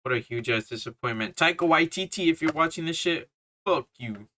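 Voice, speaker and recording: A man's voice: on the high side, expressive, a little fast, bright, forceful tone, a little hiss or hum. A young man giving a casual, rambling movie review, full of slang, swearing and fillers. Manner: swears a lot, laughs, filler-heavy slang.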